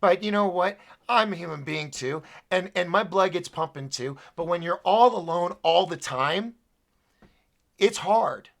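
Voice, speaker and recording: A man's voice: sits high, unhurried, creaky, fairly bright tone. A man hosting his own live show alone, rambling and apologetic as he vents his frustration to viewers. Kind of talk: solo live-stream talk.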